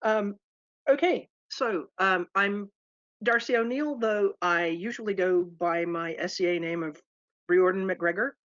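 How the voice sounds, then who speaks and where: A woman's voice: mid-range voice, measured pace, fairly bright tone. A woman, a magazine editor, introducing herself in a flustered, apologetic way in an online meeting. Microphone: video call. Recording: dull lo-fi webinar audio.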